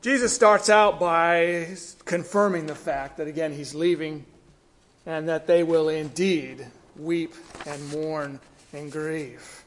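A man's voice: on the high side, fairly even intonation, slow pace, slight background noise. A middle-aged man preaching a sermon, reading scripture and explaining it with earnest emphasis. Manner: earnest, rising emphasis then quiet falls.

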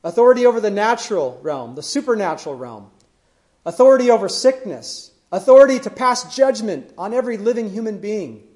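Man, preacher, sermon, high-pitched, earnest storytelling, soft phrase endings. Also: animated, a little fast. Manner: earnest storytelling, drops to a hush at phrase ends.

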